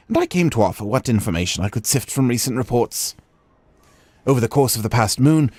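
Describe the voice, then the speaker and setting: A man voicing a formal, stern naval commodore in a game, speaking in a measured, official way. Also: medium pitch, darkish tone, no echo, pitched above the performer's own voice, close to an everyday voice. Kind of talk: reading game dialogue aloud on a stream.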